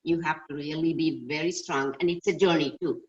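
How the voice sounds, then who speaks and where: A woman's voice: deep voice, fairly even intonation, a little fast, a little mellow, lo-fi sound. An older woman in a group class, earnestly telling a personal story and reflecting on it, heard over a video call. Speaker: class participant. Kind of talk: personal anecdote in a group discussion.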